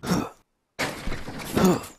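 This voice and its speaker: A young man streaming a video game, reacting live with excitable exclamations and swearing at what happens on screen. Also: very slow, a little hiss or hum, rough recording. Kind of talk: live gameplay commentary.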